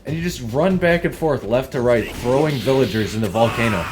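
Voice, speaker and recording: A man's voice: mid-range voice, fairly quick, music in the background. A young man giving casual gameplay commentary as a streamer, rambling and swearing, and laughing often at his own tangents. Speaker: gaming streamer.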